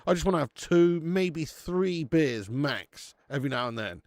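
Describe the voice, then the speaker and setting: A man's voice: fairly high pitch, lively intonation, a little slow, a little mellow, no echo. A young British man hosting a live football watch-along, chatting casually, swearing and reading out viewer comments. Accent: British English. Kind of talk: casual live-stream chat.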